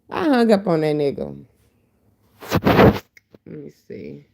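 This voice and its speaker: A woman with a deep voice and a dry throat, talking bluntly and heatedly in a casual livestream chat on her phone. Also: huge pitch swings, measured pace, gravelly, long pauses, fairly bright tone. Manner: blunt, profane, heated storytelling. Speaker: livestream host.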